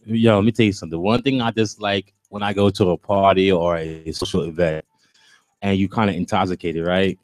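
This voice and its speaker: A man's voice: deep voice, steady tone, brisk, no room sound. A man hosting a radio show, bantering in a laid-back, slangy way with a New York accent. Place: radio studio.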